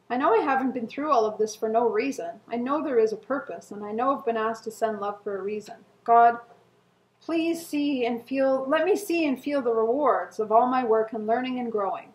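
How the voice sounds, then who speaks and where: A middle-aged woman reading her old journal entries aloud to viewers in an earnest, emotional way, with soft laughs and sighs. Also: a little high. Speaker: co-host. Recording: echoey room.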